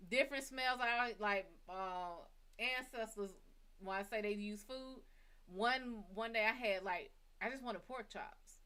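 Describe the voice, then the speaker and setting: Bright-voiced woman cursing through a story. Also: on the high side, measured pace, clean tone. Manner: blunt, heavy cursing, lively retelling. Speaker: psychic reader and show host. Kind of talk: casual storytelling monologue.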